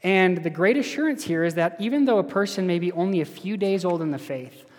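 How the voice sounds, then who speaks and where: A man's voice: high voice, animated, brisk. A man preaching an earnest, conversational sermon as pastor of a church. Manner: earnest, conversational with direct questions to listeners. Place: church hall. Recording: echoey hall.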